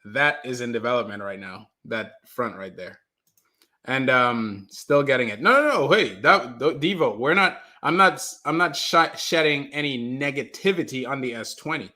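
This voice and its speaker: A man's voice: medium pitch, moderate pace. A man hosting a casual livestream, talking loosely, repeating himself and reading out viewer comments. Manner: animated, repeats himself, reads chat aloud. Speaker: livestream host.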